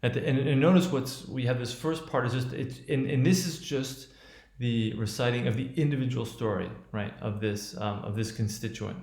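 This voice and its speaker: Male teacher, mid-range voice, halting delivery full of restarts and tag questions, recorded in an echoey room. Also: mid-range voice, darkish tone. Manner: halting, with many restarts and fillers; checks in with "right?". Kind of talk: lecture analyzing a speech.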